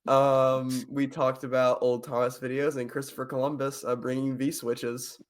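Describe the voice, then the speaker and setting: A man's voice: mid-range voice, flat delivery, moderate pace. A young man co-hosting a podcast, casually steering the talk and recapping, laughing often. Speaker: podcast co-host. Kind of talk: casual chat.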